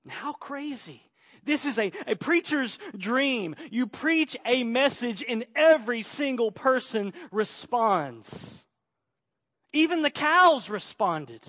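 A man preaching a sermon, moving between quiet, measured passages and emphatic, rising declarations. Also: very high voice, big pitch swings. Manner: dynamic, swings from quiet to emphatic. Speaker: pastor.

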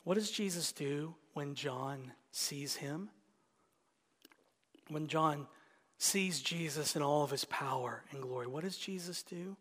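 Slow-preaching pastor in reverberant church. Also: male voice, on the high side. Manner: slow, swings from hushed whispers to loud emphatic preaching. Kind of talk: sermon.

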